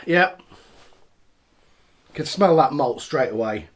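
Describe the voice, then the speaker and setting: A man's voice: mid-range voice, animated, extremely slow, pauses often. A man casually reviewing beers and cider on camera, chatty and rambling as he tastes each one. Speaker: beer reviewer.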